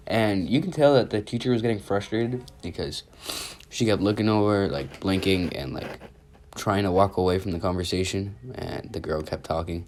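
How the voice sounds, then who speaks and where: A man with a cold and a sore throat talks through a story in a loose, rambling way. His voice sits very low, and he fills his sentences with casual fillers. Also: moderate pace. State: sick, sore throat, sniffling. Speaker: youtuber. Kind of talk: storytime vlog.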